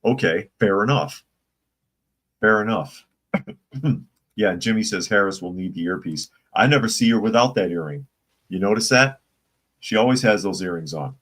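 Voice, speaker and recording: A man's voice: lowish voice, expressive, normal speed, long pauses, fairly bright tone, husky. A man hosting a casual live-stream commentary show, opinionated and rambling, reading viewer chat comments aloud. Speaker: political commentary channel host.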